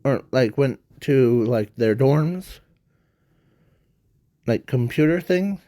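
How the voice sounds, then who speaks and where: A man's voice: mid-range voice, expressive, slow, warm tone, dry recording, studio quality. A man telling an unscripted fan story in a rambling, hesitant way, full of fillers and self-corrections.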